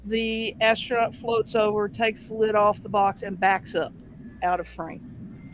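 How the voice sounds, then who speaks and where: A man with a fairly high voice tells a casual anecdote as a host. He is animated and throws in vivid sound effects. A faint hum of background noise sits behind him. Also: unhurried, low-quality recording.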